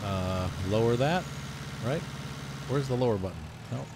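Chatty gamer guy narrating his farm sim, voice bouncing up and down, steady hum behind him. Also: normal speed. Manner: chatty, self-mocking, jumps into playful high exclamations. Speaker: gameplay commentator. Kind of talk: casual let's-play commentary.

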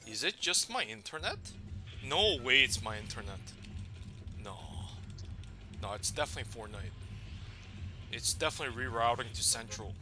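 A man's voice: medium pitch, expressive, normal speed, long pauses, sharp tone, faint music behind. A young man streaming gameplay, ranting in frustration and swearing a lot. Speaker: gaming streamer. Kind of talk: live gameplay commentary.

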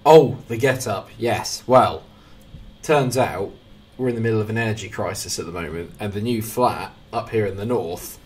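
A young man with a southern English accent and a lowish voice speaks at a moderate pace while playing a football game in his home flat. As a gaming video host, his casual commentary is jokey and chatty, getting excitable when goals go in.

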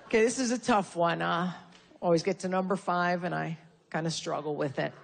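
A woman's voice: lowish voice, brisk, creaky, slight background noise. A woman from Connecticut doing a stand-up comedy set, brash and profane with punchy insult jokes. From Connecticut, USA. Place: live comedy venue with audience.

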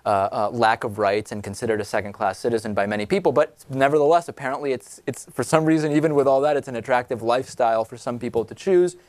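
A male talk show host riffs on the news with sarcasm and disbelief, his pitch jumping up when he is outraged. He speaks at an ordinary middle pitch into a close studio mic, and the sound is dry. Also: quick pace, few pauses, darkish tone, no room sound. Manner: sarcastic, incredulous, laughs at the news. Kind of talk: political talk show commentary.

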